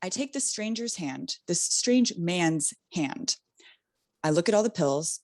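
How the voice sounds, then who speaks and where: A young adult woman telling a comedic party story in casual chat, animated and laughing, with lots of fillers. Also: fairly low pitch, measured pace, no echo, studio quality. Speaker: guest storyteller.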